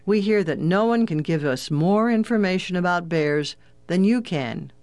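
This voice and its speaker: A narrator voicing a polite eager dad. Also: male voice, high voice, expressive, normal speed, darkish tone. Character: polite eager father of two boys.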